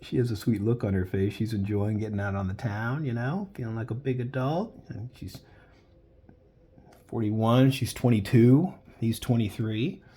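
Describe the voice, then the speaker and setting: A man's voice: medium pitch, moderate pace, dark tone, husky. A man chatting casually while he sketches live, rambling into jokey stories as he goes. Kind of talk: casual commentary while drawing.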